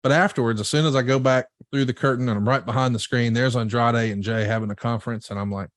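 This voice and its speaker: Man, middle-aged, podcast co-host, animated storyteller, mid pitch, dry close sound. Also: quick pace, no echo. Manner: animated storyteller acting out quotes. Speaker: podcast co-host and show promoter. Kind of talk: casual podcast chat.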